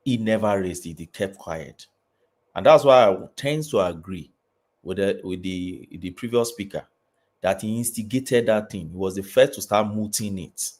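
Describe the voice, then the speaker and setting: A man with a Nigerian accent speaks in a fairly low voice. He lays out his argument step by step, measured and deliberate, as a caller in a live debate. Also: a little mellow. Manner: measured, building an argument point by point.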